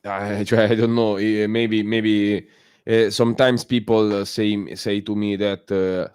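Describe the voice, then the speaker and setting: Low, slow Italian-accented man. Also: flat delivery, darkish tone, smooth, no room sound, clean studio sound. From Italy. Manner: halting, many fillers and restarts. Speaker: guest caller on a community stream. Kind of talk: casual chat.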